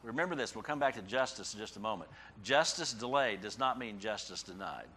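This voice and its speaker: A man's voice: on the low side, animated, fairly quick, sharp tone, a little hiss or hum. A man preaching a sermon in a conversational way who often checks in with "okay?" and rises sharply when he voices a prophet's cries. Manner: conversational asides ending in "okay?". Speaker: pastor.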